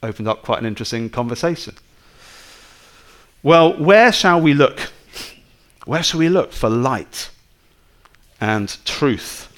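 A man's voice: mid-range voice, expressive, slow, long pauses, fairly bright tone. A man preaching a sermon in a conversational way, full of rhetorical questions to his listeners.

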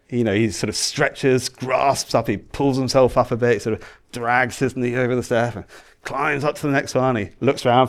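A man, preaching a sermon to his church and acting out voices as he goes. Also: medium pitch. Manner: animated, acts out shouting and cheering voices. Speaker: pastor.

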